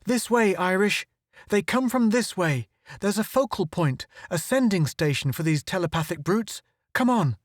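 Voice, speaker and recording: A man voicing an urgent, high-strung space reporter. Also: lively intonation, normal speed, no echo, clean studio sound. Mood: shouting. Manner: urgent, commanding. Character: tense, urgent young male space reporter. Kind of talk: audiobook character reading.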